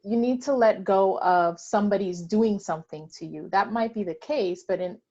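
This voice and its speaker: A woman speaking in a deliberate, reflective way during a candid discussion on a video call. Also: medium pitch, dark tone, muffled recording. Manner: deliberate, reflective, occasional laughs. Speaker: panelist.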